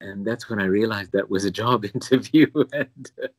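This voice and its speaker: Low-voiced posh British-accented priest. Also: male voice, moderate pace, no room sound. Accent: British, somewhat posh. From Singapore. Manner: self-deprecating, chuckles often, meandering. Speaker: priest, pilgrimage chaplain. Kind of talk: interview guest, storytelling.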